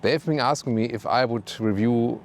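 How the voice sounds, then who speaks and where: A man's voice: mid-range voice, moderate pace, gravelly, slight background noise. A man with a German accent hosting a walkaround car review, pointing out features one by one in a detailed, upbeat way. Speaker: car reviewer, channel host. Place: beside a car outdoors in Scotland.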